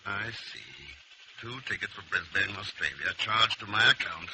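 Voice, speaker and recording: A dry, cool American hero. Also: male voice, fairly low pitch, moderate pace, sharp tone, low-quality recording. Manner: dry, cool, self-assured. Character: cool, confident American adventurer man. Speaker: hero investigator. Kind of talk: 1940s radio acting. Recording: very hissy old radio recording.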